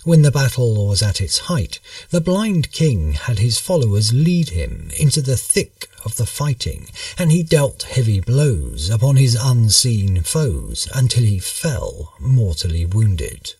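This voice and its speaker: A man narrating a history story in a measured, storytelling manner. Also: medium pitch, sing-song, darkish tone, dry recording, far from the mic.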